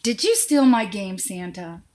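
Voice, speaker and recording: A woman hosting a casual live psychic Q&A, reading viewers' questions aloud and answering them with quick intuitive yes-or-no readings, calling viewers sweetie and honey. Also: mid-range voice, lively intonation, darkish tone. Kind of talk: casual live-stream chat.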